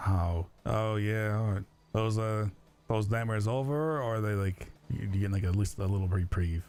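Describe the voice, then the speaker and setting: A man chatting in character during an online roleplay stream, rambling and halting with lots of fillers. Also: lowish voice, a little mellow, faint music behind.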